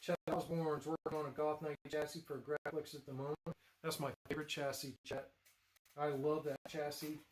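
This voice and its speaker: A man's voice: fairly high pitch, little pitch movement, normal speed, rough recording. A man hosting a live stream, chatting casually and rambling with frequent fillers and restarts as he shows off his builds. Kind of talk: casual live-stream chat while demonstrating.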